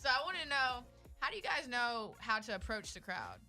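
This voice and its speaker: A woman's voice: fairly high pitch, big pitch swings, brisk, bright, forceful tone, faint music behind. Upbeat woman host asking questions. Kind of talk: interview questions.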